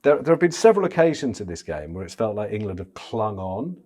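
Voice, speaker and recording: A man's voice: lowish voice, sing-song, quick pace, a little mellow. A man, a chief cricket correspondent, chatting casually on a podcast, with frequent stammering restarts.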